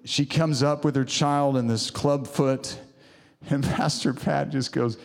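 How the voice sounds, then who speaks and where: A man's voice: medium pitch, fairly even intonation, unhurried, gravelly. A man preaching a sermon in church, fervent and exhorting, often urging the room on. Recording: long reverb of a large hall.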